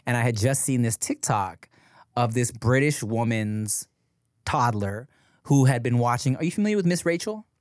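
A man's voice: mid-range voice, expressive, normal speed, a little mellow, no echo. A man co-hosting a podcast, telling stories in a rambling, laughing, salty way. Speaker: podcast co-host. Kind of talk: casual comedic chat. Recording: dry close studio mic.

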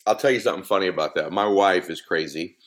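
A man's voice: deep voice, quick pace. A middle-aged man, a podcast guest, telling a funny story in conversation and laughing as he mimics voices.

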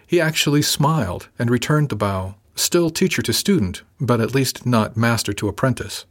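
A man reading a novel aloud in first person with a measured, dry delivery. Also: medium pitch, lively intonation. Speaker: audiobook narrator.

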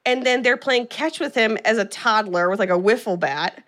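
A woman co-hosting a podcast, recapping a film in a chatty, animated way and swearing freely. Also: a little high, moderate pace. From California. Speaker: podcast co-host. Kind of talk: casual chat recapping a film.

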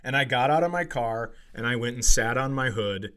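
A man in his forties, a comedian telling a story in casual chat, swearing and getting animated as he acts out a heated argument. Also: mid-range voice, normal speed, clean tone. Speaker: comedian podcast co-host.

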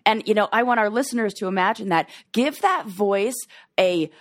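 A woman's voice: medium pitch, normal speed. A woman hosting a podcast, chatting casually and encouragingly, with frequent "like" fillers. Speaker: podcast host; therapist-like coach. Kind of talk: casual chat and read ad.

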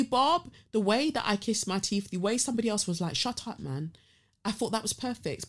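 A young woman, telling a story as a blunt, animated and sweary rant. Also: lowish voice. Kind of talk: ranting storytelling.

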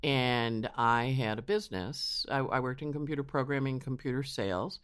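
A man being interviewed as an astrologer, telling his story casually and acting out quotes in animated voices. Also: mid-range voice, normal speed, smooth. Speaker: astrologer guest. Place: home in New York.

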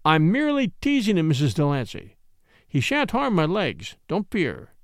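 A man's voice: a little high, huge pitch swings, normal speed, no echo, clean studio sound. A man doing a bold young lawyer, firm and eager. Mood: determined, eager.

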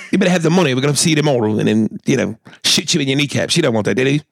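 A man putting on a mocking British tough-guy gangster voice, raised and gravelly. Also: mid-range voice, lively intonation, rapid-fire, no room sound, studio quality. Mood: menacing mockery.

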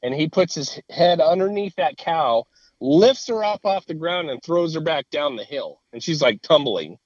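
Guy telling a wild story, kinda high voice, cussing and laughing, dry muffled audio. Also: normal speed, no room sound. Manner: animated, swears freely, laughs at his own story. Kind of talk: casual storytelling.

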